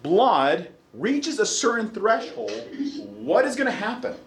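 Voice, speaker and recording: A man's voice: sits high, unhurried, roomy sound. A man lecturing a college class with jokes and questions thrown to the students. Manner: animated, jokey, asks the class questions.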